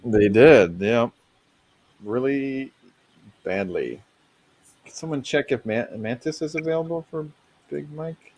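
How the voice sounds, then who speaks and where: A man's voice: mid-range voice, takes it slowly, long pauses, darkish tone. Easygoing mid-voiced man chatting. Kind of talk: casual group chat about collectibles.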